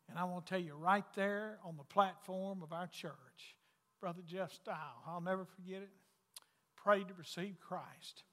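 A pastor preaching in a long, ringing hall. His voice sits high for a man, bright and forceful. He moves from loud calls to hushed, intimate lines in a folksy way. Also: normal speed. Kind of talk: sermon.

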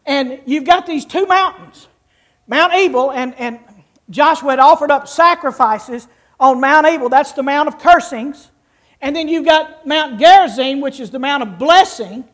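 High-voiced folksy preacher. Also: a little slow. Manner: folksy, teaching, with audience participation. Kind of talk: sermon with scripture reading. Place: church before a live congregation.

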